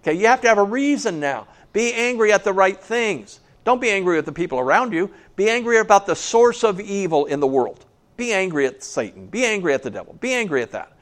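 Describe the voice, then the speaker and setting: A man's voice: sits high, sing-song, a little fast. A man preaching a sermon in a conversational way, often checking in with "okay?" and adding wry asides. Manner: conversational, keeps asking "okay?". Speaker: pastor.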